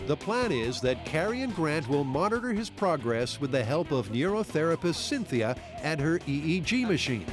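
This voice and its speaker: A male documentary narrator reads a scripted voice-over in a bright, playful way. His voice sits a little high and swoops widely in pitch, and clear background music runs under him. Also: very animated, normal speed.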